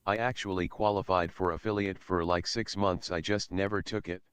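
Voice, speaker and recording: A synthetic male voice reads viewer chat messages aloud in a flat, mechanical delivery. It is very deep and smooth, with a polished, resonant tone. The sound is completely dry. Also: moderate pace, no echo. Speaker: text-to-speech chat reader.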